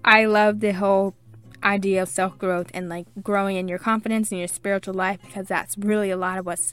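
Young adult woman, podcast host, warm-hearted gushing read of listener reviews, medium pitch, light music bed. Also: little pitch movement, brisk, smooth. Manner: gushing, grateful, chatty with many fillers. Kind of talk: reading listener reviews aloud.

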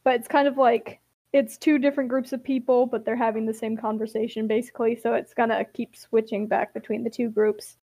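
A young woman with a high voice gives a chatty comic recap of a game's plot, wry and quick to laugh. The recording is close and dry, with no room sound. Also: flat delivery, dark tone, no echo.

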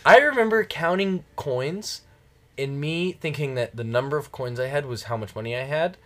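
A man's voice: on the high side, moderate pace. A man hosting a podcast, chatting casually in a rambling, jokey way with a friend. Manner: rambling, jokey, laughs often. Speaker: podcast host. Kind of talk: casual chat.

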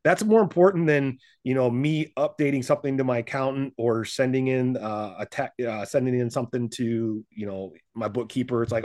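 A man talking as a podcast guest in casual chat, lively and animated, acting out what other people say and laughing often. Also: mid-range voice, a little fast. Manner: animated, acts out quoted voices, laughs often. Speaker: podcast guest, business and gym owner.

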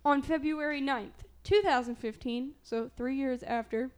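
A woman's voice: sits high, unhurried, smooth. A young woman from Southern Illinois hosting a casual true-crime podcast, chatty with trailing fillers. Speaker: podcast host.

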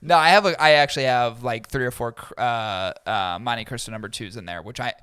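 A man's voice: medium pitch, fairly quick, fairly bright tone, clean tone. A blunt man co-hosting a podcast, talking in loose casual chat and swearing freely. His voice sits in a middle range. The sound is dry and close, with no room echo. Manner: blunt, swearing, mocks people in put-on voices. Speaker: podcast co-host.

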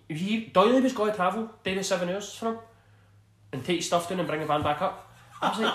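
This man's voice sits a little high and sounds fairly bright, with lively intonation and a fast delivery in a reverberant space. He's a Scottish ex-footballer in his thirties, telling rambling casual stories in an interview, laughing a lot and often asking "do you know what I mean."

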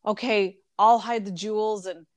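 A woman's voice: medium pitch, moderate pace, no echo. A woman casually retelling a story in conversation, acting out the characters' lines with lots of ums. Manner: animated retelling with quoted voices, frequent ums.

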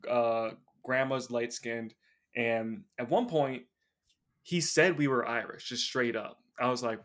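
Male podcast co-host, mid pitch, rambling anecdotes, easygoing. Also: brisk, fairly bright tone. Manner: laughing, storytelling with lots of fillers. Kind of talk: casual chat.

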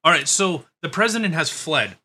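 A man's voice: on the high side, animated, moderate pace, pushed and bright, husky. A man hosting a podcast, talking in a blunt, sarcastic, profane way in casual chat. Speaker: podcast host.

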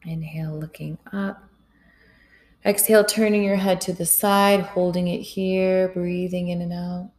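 Yoga instructor, woman, low flat delivery, calm soft cueing of breaths. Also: unhurried, poor audio.

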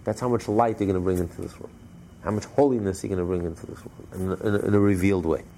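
A man teaching a religious class, telling a story in an animated way with frequent restarts. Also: deep voice, fast talker, a little hiss or hum.

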